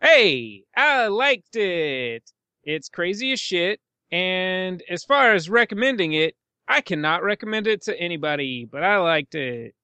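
A man's voice: sits high, very animated, measured pace, pushed and bright, smooth, no room sound. A man co-hosting a casual movie podcast, with sarcastic, self-mocking humor. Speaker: podcast co-host. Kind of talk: casual movie-review chat.

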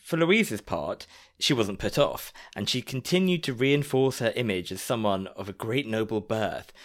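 Podcast co-host, dry humor, wry asides, animated pitch. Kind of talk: casual history chat.

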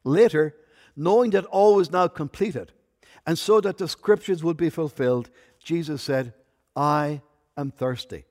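A man delivers a sermon as pastor, his voice sitting a little high for a man. He drops to soft, intimate asides and then builds to loud, emphatic peaks. The sound carries a long hall reverb. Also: lively intonation, moderate pace.

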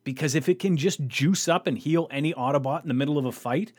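A man's voice: on the high side, quick pace, a little mellow, husky. A man co-hosting a podcast, chatting casually and recapping a cartoon episode, loose and joking with some swearing and frequent laughs. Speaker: podcast co-host.

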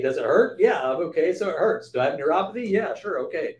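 A man's voice: on the high side, expressive, fast talker. A man in his fifties, a podcast guest, speaking reflectively and repeating words as he gets started. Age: 50s. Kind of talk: conversational interview. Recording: roomy echo with faint noise.

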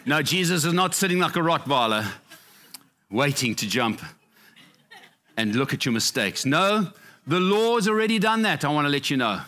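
A man's voice: sing-song, normal speed, long pauses, bright, forceful tone. Passionate male pastor preaching. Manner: passionate, repetitive emphasis, swinging up and down in pitch. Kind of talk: sermon.

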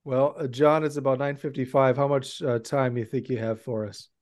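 A man's voice: mid-range voice, fairly even intonation, a little fast, darkish tone. A man hosting a podcast, blunt and sardonic in casual chat. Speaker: podcast host.

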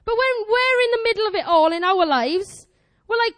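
A woman in her twenties preaching a lively sermon, animated and exclamatory, acting out quoted prayers. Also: very high-pitched, brisk. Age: 20s.

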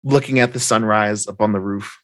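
A man's voice: on the low side, fairly even intonation, brisk, a bit bright, no room sound. A man in casual chat, animatedly retelling a story and quoting its characters, laughing often. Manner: quotes characters in his own voice, laughs often. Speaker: podcast co-host recapping a story.

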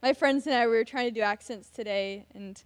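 A woman's voice: on the high side, fairly quick. A young woman giving a chatty church devotional talk, self-deprecating and full of fillers. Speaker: devotional speaker. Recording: long reverb of a large hall.

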